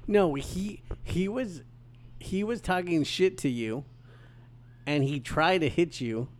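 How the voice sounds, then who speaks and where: A man co-hosting a casual movie podcast, wry and quick with trivia, often laughing. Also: on the high side, lively intonation. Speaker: podcast co-host.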